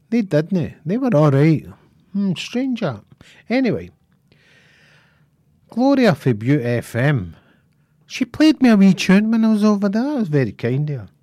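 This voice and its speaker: A middle-aged Scottish man hosting a radio show, chatting casually and giving jokey shout-outs sprinkled with rhyming slang. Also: a little high, no echo, studio quality. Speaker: radio presenter.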